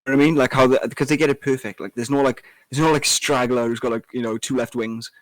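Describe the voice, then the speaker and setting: A man's voice: mid-range voice, steady tone, fast, no echo, poor audio. A man co-hosting a casual podcast chat, rambling with lots of fillers and restarts. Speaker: co-host.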